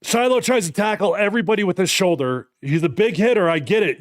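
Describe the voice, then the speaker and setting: A man in his thirties hosting a live watch party, reacting to a football game with animated, fired-up commentary. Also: high voice, fast, no echo, clean studio sound. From United States.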